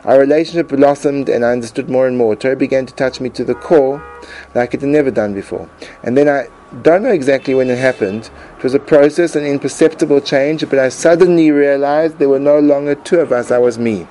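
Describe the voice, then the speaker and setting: A man and Torah teacher reading his own personal essay aloud in an earnest, emotive way with dramatic pauses. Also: mid-range voice, warm tone, slight background noise, low-quality recording.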